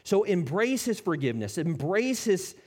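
A man preaching a sermon as a pastor, animated, acting out the people he quotes and dropping to soft, intimate tones. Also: high-pitched, moderate pace. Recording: long reverb of a church hall.

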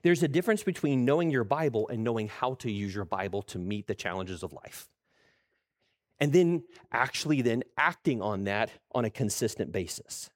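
A middle-aged man preaching a sermon, animated, acting out quoted voices and restarting his words. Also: mid-range voice, moderate pace. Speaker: pastor.

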